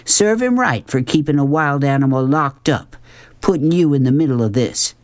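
A man's voice: a little high, lively intonation, moderate pace, dry recording, pitched above the performer's own voice, natural voice. A man voicing a wise, outspoken grown woman who talks in a firm, folksy way.

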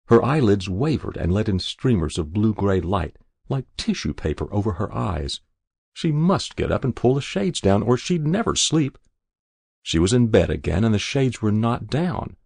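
A man narrating a literary short story in a measured, expressive way. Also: lowish voice, vocal fry, breathy edge, dry recording, clean studio sound. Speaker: reader.

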